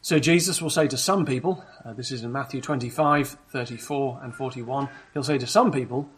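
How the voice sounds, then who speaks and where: A man preaching in a church, with a slightly husky, breathy voice at a medium pitch. He explains things patiently and steadily, stopping now and then to put rhetorical questions to his listeners. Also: brisk, hardly any pauses. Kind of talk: sermon.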